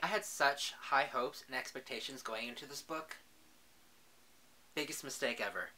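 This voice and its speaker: Bright-voiced young man gushing about books. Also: on the high side. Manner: chatty, gushing, says "literally" a lot. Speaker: book vlogger. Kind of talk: casual book review vlog.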